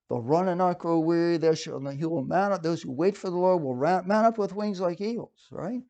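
A man's voice: sits high, moderate pace. Conversational man preaching a sermon. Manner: conversational, lively, with frequent fillers and restarts.

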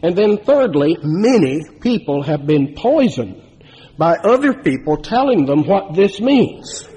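A man's voice: fairly high pitch, big pitch swings, measured pace, warm tone, husky. A man preaching a sermon, telling a story and building to emphatic, rising climaxes. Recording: long hall reverb.

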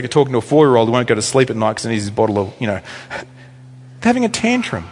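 A male pastor preaching a sermon in a church, telling stories in a chatty, animated way with offhand asides. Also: fairly high pitch, fast, a little hiss or hum. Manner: animated storytelling, conversational asides. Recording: echoey hall reverb.

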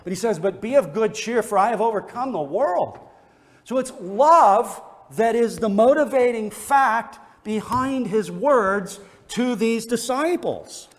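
Pastor, man, high voice, earnest sermon delivery, repeats words for stress, reverberant sanctuary. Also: expressive, unhurried.

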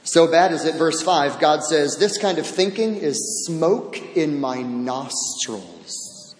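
A man preaching a sermon verse by verse, animated, acting out quoted voices and repeating words for emphasis. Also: fairly high pitch, slow pace. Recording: echoey hall.

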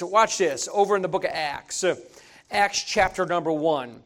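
Male pastor, high voice, animated folksy storyteller from the pulpit. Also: normal speed. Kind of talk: sermon.

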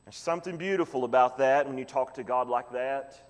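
A man preaching a sermon as pastor, emphatic, swinging from loud pleading to quiet low asides. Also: fairly quick, big-room sound.

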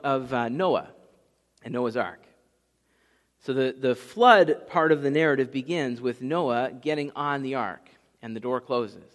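A male pastor preaching a sermon, teaching in a conversational way with asides and questions to the congregation. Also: on the high side. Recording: church hall reverb.

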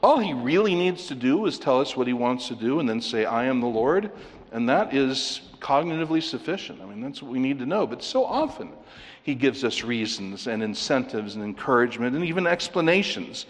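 A man's voice: mid-range voice, animated, normal speed. A man preaching an expository sermon in an earnest, explaining way, asking rhetorical questions as he goes through a passage. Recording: long hall reverb.

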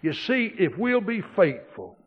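A man, a pastor preaching a homespun storytelling sermon that drops quiet and then swells loud for emphasis. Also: high-pitched, very animated, unhurried. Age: 60s. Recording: dull lo-fi recording.

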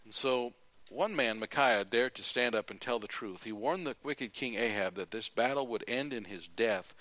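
A male preacher giving a sermon, retelling scripture in an animated, folksy storytelling way. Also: on the low side, no echo.

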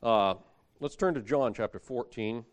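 A man's voice: medium pitch, measured pace. A man preaching a sermon, reading scripture aloud and building emphasis as he explains a Bible passage.

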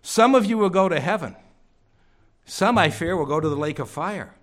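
A man gives a sermon in church at normal speed, his high-sitting voice expressive. Rhetorical questions fill his preaching, and he drops to a hush at moments.

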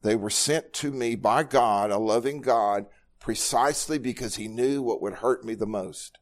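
A man's voice: medium pitch, moderate pace. A middle-aged man, a pastor, teaching a Bible study sermon in an earnest way, often repeating words as he speaks.

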